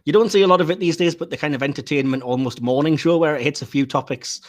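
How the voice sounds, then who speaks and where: A man hosting a relaxed film podcast, his voice sitting a little high. He chats freely, laughs often and drifts off into fillers between thoughts. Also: quick pace. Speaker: podcast host. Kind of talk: casual podcast chat.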